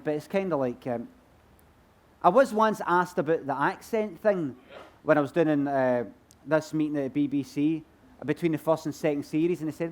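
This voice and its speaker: High-voiced Glaswegian man, rambling. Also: moderate pace. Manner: rambling, self-mocking, laughs through answers. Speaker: comedian guest at book festival. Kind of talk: live Q&A answering audience. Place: stage at a book festival.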